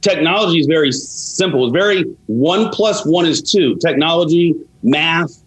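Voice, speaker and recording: A man talking as a podcast guest, telling stories in a measured, reflective way. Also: on the high side, animated, a bit bright, a little hiss or hum, rough recording. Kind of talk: casual podcast interview.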